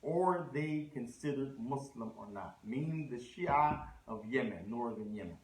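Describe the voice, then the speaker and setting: Male lecturer, mid pitch, loose conversational delivery, echoey room. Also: expressive, unhurried, a little mellow. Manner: conversational, scattered Arabic phrases and restarts. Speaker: Islamic lecturer. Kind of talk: religious lecture.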